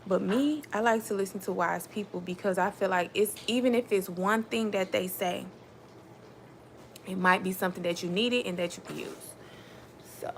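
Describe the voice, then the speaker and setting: A woman's voice: mid-range voice, moderate pace, a little hiss or hum. Chatty woman live-streaming to viewers. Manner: chatty, addresses viewers as y'all. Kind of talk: casual live-stream chat.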